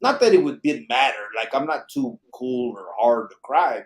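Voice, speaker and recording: A man's voice: mid-range voice, lively intonation, normal speed. A middle-aged man hosting a live late-night podcast, reading viewer comments in a laid-back, profane, joking way. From Arizona. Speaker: podcast host.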